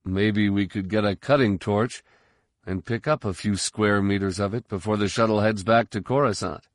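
A man voicing a calm, deadpan military general in an audiobook, measured and even. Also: fairly low pitch, dry recording, studio quality, close to an everyday voice. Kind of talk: audiobook character voice.

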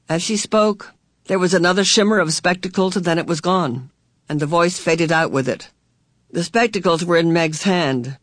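A man reads a novel aloud in clear, even audiobook narration. His voice is notably high for a man. It is recorded close on a dry studio mic with no room sound. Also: moderate pace, no room sound. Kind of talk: scripted narration.

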